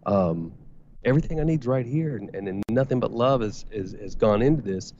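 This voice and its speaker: A man's voice: medium pitch, lively intonation, a little fast, dark tone. A man talking as a podcast guest in casual chat, candid and rambling, with frequent swearing. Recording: slightly dull audio with faint noise.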